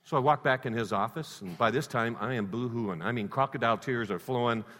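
A man preaching a sermon built around a personal story, swinging between loud emphasis and hushed lines. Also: medium pitch, a little fast. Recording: reverberant hall.

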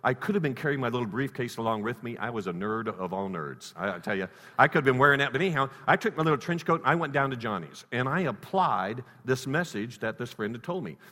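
A man preaching a sermon built around a personal story, swinging between loud emphasis and hushed lines. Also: medium pitch, lively intonation, quick pace, hardly any pauses. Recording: reverberant hall.

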